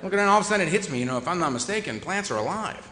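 A man speaks rapid-fire in a high-sitting, animated voice, with noise in the background and hall-like echo. Wry and conversational, he mocks himself while telling an audience the funny story of his recovery.

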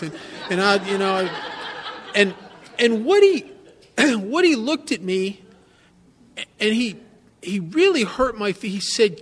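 A man's voice: high voice, sing-song, measured pace, long pauses, a bit bright. A man giving a candid, self-mocking personal testimony at a recovery meeting, often turning to the listeners with asides.

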